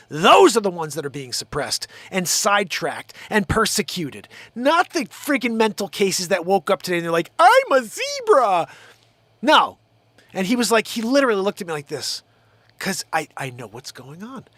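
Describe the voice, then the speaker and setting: A man's voice: sits high, a bit bright, no echo. A man hosting his own show, ranting in a heated, profane, rambling way. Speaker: show host. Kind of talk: live-stream rant.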